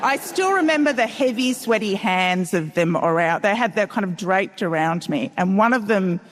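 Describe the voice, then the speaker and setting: A woman's voice: medium pitch, moderate pace. Middle-aged Australian woman, wry live storyteller on a town hall stage, long hall reverb. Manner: wry, animated, acts out dialogue. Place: large town hall stage before an audience. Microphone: stage mic.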